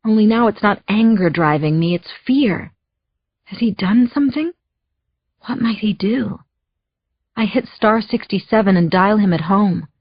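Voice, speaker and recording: Woman audiobook narrator, first-person thriller, husky voice, anxious edge, muffled dry recording. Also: mid-range voice, measured pace, no echo. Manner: tense, anxious storytelling.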